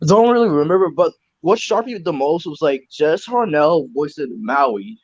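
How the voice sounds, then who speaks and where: A relaxed young man chatting on a podcast in a mid-pitched voice. The sound is dull and lo-fi, with no room echo at all. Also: a little slow. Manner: relaxed, chatty, loose asides. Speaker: co-host. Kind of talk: casual podcast chat. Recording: dull lo-fi recording.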